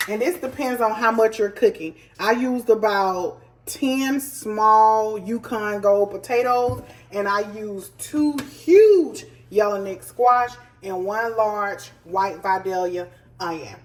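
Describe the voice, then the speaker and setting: Woman, folksy home cooking talk, medium pitch, faint sizzle from the pan. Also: slow, slight background noise, poor audio. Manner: chatty, folksy, talks straight to viewers. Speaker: home cook. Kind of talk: casual cooking tutorial. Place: home kitchen.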